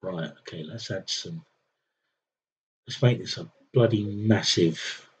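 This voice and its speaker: A man's voice: low voice, slow, a little mellow, a little hiss or hum. A man streaming a strategy game, talking to himself in a wry, rambling, self-mocking way. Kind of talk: rambling live-stream commentary.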